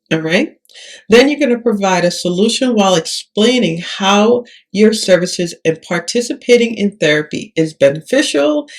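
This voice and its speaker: A woman tutoring occupational therapists in a video lesson, speaking calmly and often checking in with "all right?". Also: mid-range voice.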